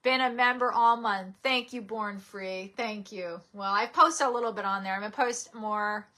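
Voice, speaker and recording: A woman's voice: mid-range voice, normal speed, sharp tone. A young woman host chatting casually on a live stream, giggling and reading viewer comments aloud.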